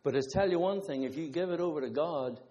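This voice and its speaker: A man's voice: on the high side, fast talker, warm tone, lo-fi sound. A man preaching a conversational sermon, mixing scripture with personal testimonies and asides to the congregation. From Ireland. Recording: long hall reverb.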